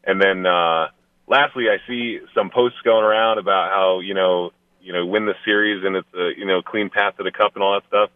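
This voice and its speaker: Very low-voiced hoarse man on phone. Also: fairly even intonation, moderate pace, dry recording. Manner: rambling, hesitant with fillers. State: losing his voice. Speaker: caller. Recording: phone line.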